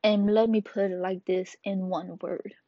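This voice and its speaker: A woman hosting a casual manga review video, slangy and playful, retelling scenes with quick asides. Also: medium pitch, level tone, no echo. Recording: dull lo-fi dry sound.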